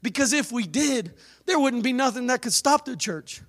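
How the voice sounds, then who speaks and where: High-voiced man preaching with fervor. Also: expressive, moderate pace. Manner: emphatic, exhorting, dramatic. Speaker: pastor. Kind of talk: sermon.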